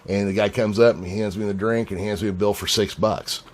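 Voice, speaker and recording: A man co-hosting a podcast, a lively storyteller who swears freely. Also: on the low side, fairly quick. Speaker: podcast co-host. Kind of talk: casual chat.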